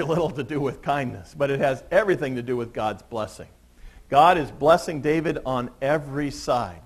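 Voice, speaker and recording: A male pastor giving a sermon in a church, telling a story with laughs and acting out the people in it. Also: mid-range voice.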